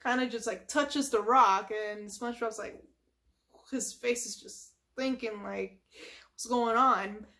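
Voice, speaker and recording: A woman's voice: a little high, steady tone, unhurried, a bit bright. A woman casually retelling a cartoon episode from memory, chatty, with lots of "like" and sound effects. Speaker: storyteller.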